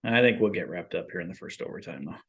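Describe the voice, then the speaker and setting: Relaxed low-voiced man reading viewer picks. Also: fast talker, a little hiss or hum. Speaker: co-host of a fan watch stream.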